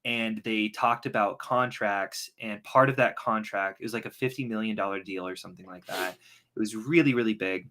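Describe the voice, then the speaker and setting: A man's voice: lowish voice, moderate pace, bright, forceful tone. A man talking as a guest in a casual political chat, easygoing and hesitant with frequent restarts.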